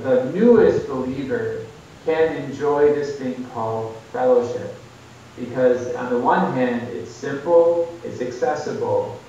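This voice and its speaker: An earnest man preaches over a video call, his voice pitched in a middle range and rising now and then for emphasis. He sounds far from the mic in a very echoey room. The audio is dull and muffled, with a faint rumble underneath. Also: warm tone. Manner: earnest, exhorting, with rises for emphasis.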